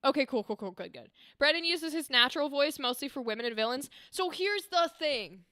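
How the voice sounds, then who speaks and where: A young woman voice actor chatting casually on a livestream, animated and explaining with demonstrations. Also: sits high, a little fast, no echo, studio quality. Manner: animated, talks with her hands, explains with demonstrations. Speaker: streamer and voice actor. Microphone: desk microphone.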